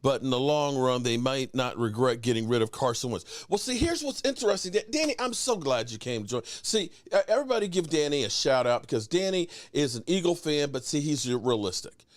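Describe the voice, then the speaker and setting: A man hosting a live sports talk stream, teasing and greeting chat viewers by name in an animated way. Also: mid-range voice, brisk, hardly any pauses, dry recording. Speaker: sports show host.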